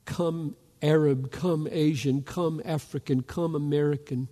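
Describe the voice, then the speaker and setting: A pastor preaching a fervent sermon, rising to loud calls as he urges his listeners. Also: on the high side, steady tone, a little slow, few pauses. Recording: long reverb of a large hall.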